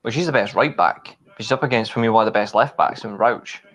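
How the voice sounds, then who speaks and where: A man gives opinionated football analysis on a casual live stream. His voice sits fairly low, and he rambles through his points with plenty of restarts. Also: fairly quick, a bit bright. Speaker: co-host of a football watchalong.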